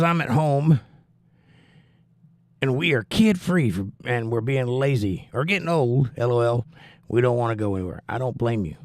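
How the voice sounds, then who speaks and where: A man's voice: mid-range voice, no room sound, clean studio sound. A man hosting a livestream, reading viewers' chat messages aloud and answering them with wry, teasing humor. He is out of breath and coughing while he recovers from the flu. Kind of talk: casual chat.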